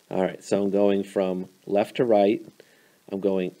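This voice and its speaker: A man's voice: fairly low pitch, flat delivery, moderate pace, warm tone. A man teaching math, explaining a graph in a casual, informal way with a few fillers. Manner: informal, fillers, playful sound effects.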